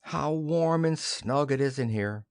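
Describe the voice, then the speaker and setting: A man's voice: medium pitch, unhurried, no room sound, studio quality, natural voice. A man voicing a patronizing middle-aged husband who scolds and talks down to his wife. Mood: condescending. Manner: scolding, condescending.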